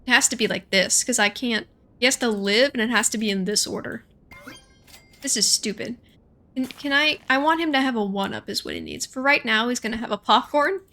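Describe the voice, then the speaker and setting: Young woman streamer, higher bright voice, rambling self-talk while gaming. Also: very animated. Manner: chatty, thinks aloud, quick asides and self-talk. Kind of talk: casual gameplay commentary.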